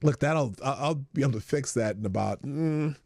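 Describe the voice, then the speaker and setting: A man's voice: mid-range voice, normal speed, a little mellow, no room sound, clean studio sound. A man hosting a casual livestream, rambling and joking with many restarts, with a slight lingering cough. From United States. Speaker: host.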